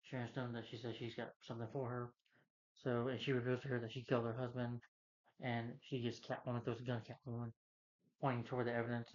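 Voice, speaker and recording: A man's voice: mid-range voice, flat delivery, fairly quick, long pauses. Rambling man recapping a film, lo-fi. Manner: rambling, filler-heavy retelling with many restarts. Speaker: film reviewer. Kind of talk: casual movie recap rant.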